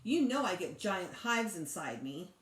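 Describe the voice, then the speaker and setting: A woman's voice: big pitch swings, unhurried. A woman voicing a fussy, boastful young girl who complains and exaggerates, read aloud from a storybook. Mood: indignant. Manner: complaining, exaggerating, high-strung. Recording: echoey room.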